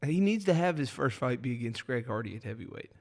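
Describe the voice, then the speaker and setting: A man co-hosting a casual podcast chat, talking in a rambling, animated way with lots of fillers. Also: mid-range voice, quick pace. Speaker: podcast co-host. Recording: echoey room with long reverb.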